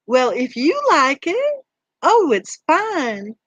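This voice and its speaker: A woman's voice: high voice, huge pitch swings, a bit bright, no echo, pitched above the performer's own voice, full character voice. Woman putting on a sugary Southern drawl. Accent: put-on American Southern drawl. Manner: slow, drawn-out, sweetly insincere.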